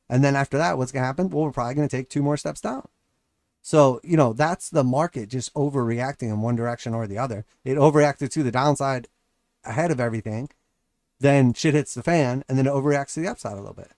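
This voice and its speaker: A man's voice: mid-range voice, quick pace, darkish tone, no echo. A man giving casual, blunt live market commentary as host, sarcastic, often acting out mocking voices.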